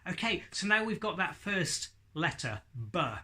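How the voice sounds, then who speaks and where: A man's voice: a little high, very animated, measured pace, bright, forceful tone. A man teaching ventriloquism in a casual video lesson, chatty and laughing often as he demonstrates sounds.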